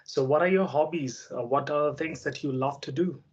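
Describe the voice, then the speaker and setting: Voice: medium pitch, brisk, breathy edge, muffled recording. An adult English conversation interviewer asking a young learner questions in a casual chat, talking hesitantly with many fillers and patiently explaining ideas.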